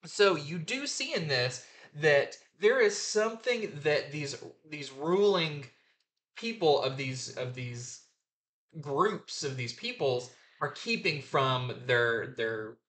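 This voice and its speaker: Male comic review host, bright tense voice, slightly high, casual rambling enthusiasm. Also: expressive, slow.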